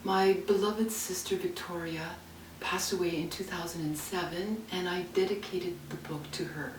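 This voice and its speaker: A woman's voice: on the low side, steady tone, normal speed, background noise. Woman reading poetry, roomy and distant. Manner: dramatic, dynamic reading, drops to near whispers. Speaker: poet. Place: her home. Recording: roomy, distant home recording.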